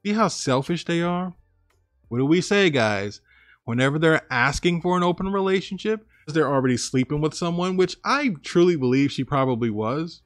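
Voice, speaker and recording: A man's voice: on the high side, fairly bright tone, no echo. A man who hosts a story channel, reading a listener's story aloud and then commenting on it in a casual, emphatic way. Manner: casual, emphatic, reacts with disbelief. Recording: dry close mic with faint background music.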